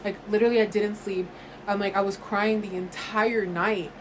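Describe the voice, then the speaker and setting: A woman's voice: mid-range voice, steady tone, moderate pace, slight background noise, rough recording. A woman co-hosting a podcast, chatting casually and rambling through a personal story with lots of "like". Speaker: podcast co-host. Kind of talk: casual chat.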